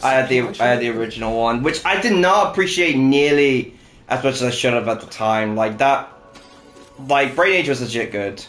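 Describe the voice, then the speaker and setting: A man talks casually over a game he is playing, mid-pitched and full of fillers as he weighs his choices. His voice rings in a roomy, echoey space. Faint music plays underneath. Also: moderate pace, fairly bright tone. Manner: chatty, thinks aloud with many fillers. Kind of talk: casual gaming chat.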